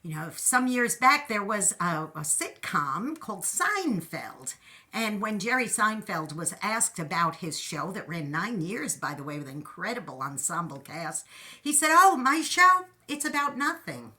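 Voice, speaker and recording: A woman host giving an animated, encouraging talk, telling stories and playfully acting out quotes. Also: fairly low pitch, measured pace. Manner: animated, storytelling with playful voices. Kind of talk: inspirational talk.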